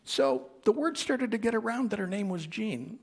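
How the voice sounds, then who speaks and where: A minister telling a gentle anecdote in a sermon, quoting the people he met along the way. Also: high voice, lively intonation, moderate pace, husky. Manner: gentle anecdotal storytelling with quoted dialogue. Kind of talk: storytelling sermon.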